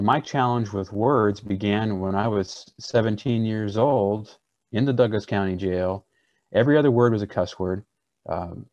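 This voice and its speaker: A man with a low, gravelly voice teaches a preaching seminar. He talks in an earnest, conversational way and often restarts his sentences. The recording is dry and a little dull. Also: a little mellow, no room sound.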